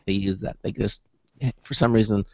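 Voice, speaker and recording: A man's voice: fairly low pitch, flat delivery, normal speed, vocal fry, no room sound. A man hosting a talk radio show, chatting loosely and restarting his sentences. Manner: rambling, with repeated restarts. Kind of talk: casual radio chat. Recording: muffled radio broadcast audio.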